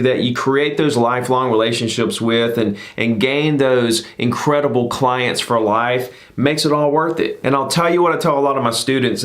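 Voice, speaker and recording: Upbeat man coaching on sales calls. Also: mid-range voice. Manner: upbeat, emphatic, repeats "okay?" often. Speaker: real estate coach. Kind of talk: instructional talk to camera.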